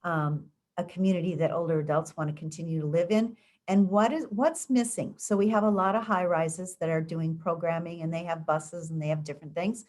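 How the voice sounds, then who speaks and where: A woman talks through community education plans in a loose, conversational way, pausing often on ums and restarting her sentences. Her voice sits a bit low. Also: fairly even intonation, darkish tone. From United States. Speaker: school district education official. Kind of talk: community interview answers.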